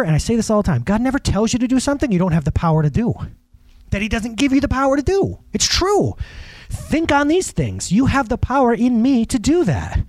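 Animated high-voiced male preacher telling stories. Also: dry recording. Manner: animated storyteller, acts out other people, chuckles often. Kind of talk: conversational sermon with personal stories.

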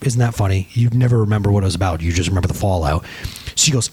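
A man's voice: medium pitch, quick pace, slightly rough. A man preaching a sermon as pastor and counselor, talking animatedly to the congregation and acting out the conversations he quotes. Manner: animated, addresses the congregation as "guys".

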